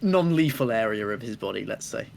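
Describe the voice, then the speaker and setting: A man's voice: on the low side, animated, brisk, gravelly, a little hiss or hum. A man playing a tabletop game, casual and joking as he plans his turn. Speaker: player.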